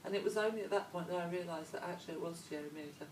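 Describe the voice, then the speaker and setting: A woman's voice: lowish voice, rapid-fire, a little hiss or hum. Chatty woman in an echoey room. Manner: chatty, meandering, trailing asides. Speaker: interview guest, former model. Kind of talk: casual conversational interview. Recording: echoey room, voice picked up from a distance.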